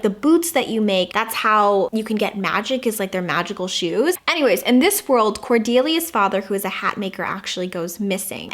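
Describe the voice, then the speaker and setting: A woman's voice: medium pitch, fairly bright tone. A young adult woman chatting casually about books in a haul video, bubbly and gushing with lots of fillers. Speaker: booktuber. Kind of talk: casual book haul chat.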